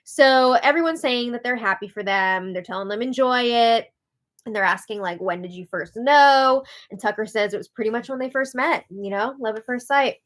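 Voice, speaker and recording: A somewhat high-voiced woman hosts a live recap in a casual, chatty way. She is sarcastic and laughs often, her volume jumping from loud outbursts to hushed, conspiratorial asides. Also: fairly quick. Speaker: host.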